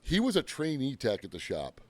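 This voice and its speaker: Man, podcast co-host, rambling storyteller, quick lively talk, dry close sound. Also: mid-range voice, no echo. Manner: rambling storyteller, laughs often. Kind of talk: casual chat.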